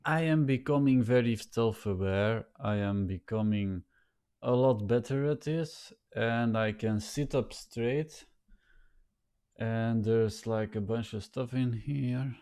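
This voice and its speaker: A man rambling to a camera set a little way off, thinking aloud in a halting, self-conscious way, with a nasal voice and many repeated words and restarts. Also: medium pitch, dark tone, clear, resonant tone. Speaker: vlogger. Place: sitting in front of a camera.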